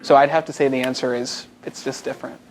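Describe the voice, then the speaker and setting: An American man speaking live as a motivational speaker to a group in a meeting room. He talks in an energetic, conversational way and draws the audience in. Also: medium pitch, fast, a little hiss or hum.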